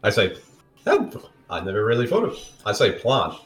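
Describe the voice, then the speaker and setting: A man's voice: fairly low pitch, wildly swooping pitch, normal speed, roomy sound. A man chatting jokily about a movie, laughing often and tossing in silly voices. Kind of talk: casual movie-watching commentary.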